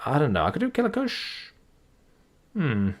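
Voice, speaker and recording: A man reading live for his stream, breaking off to chat with viewers and talk himself through choices. He mutters, mocks himself, and lets his pitch wander widely. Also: huge pitch swings, normal speed. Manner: muttering, thinking aloud, self-deprecating.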